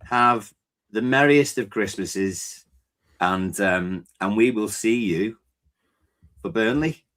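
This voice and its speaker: A man's voice: on the low side, takes it slowly, a bit bright. A man co-hosting a football fan podcast, talking casually and hesitantly while searching for words. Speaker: podcast co-host.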